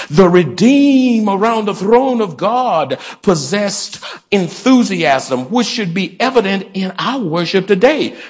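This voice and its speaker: A husky-voiced man preaches in a church sanctuary, his pitch sitting high and swinging widely. He rouses the congregation with call-and-response. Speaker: pastor. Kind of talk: sermon.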